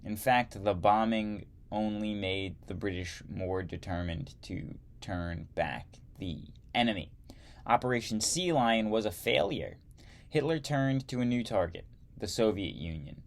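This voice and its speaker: A man teaching history, reading a textbook aloud slowly and adding wry asides. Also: fairly low pitch, vocal fry.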